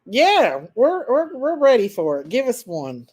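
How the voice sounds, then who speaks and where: A woman's voice: a little high, huge pitch swings, a little slow, darkish tone. A woman hosting a live stream, chatting casually, giggling often and reading out viewer comments.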